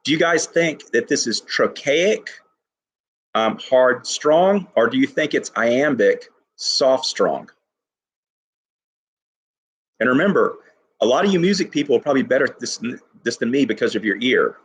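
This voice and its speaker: A male teacher with a husky, medium-pitched voice leads his class through a poetry lesson with animated enthusiasm. He reads the lines slowly, stressing every syllable.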